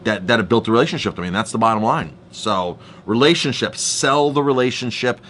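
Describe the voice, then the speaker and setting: A man's voice: medium pitch, animated, fairly quick, a bit bright, slight background noise. A middle-aged man, a chef and restaurant owner, telling stories in an earnest, emphatic staff training talk and often repeating words as he goes.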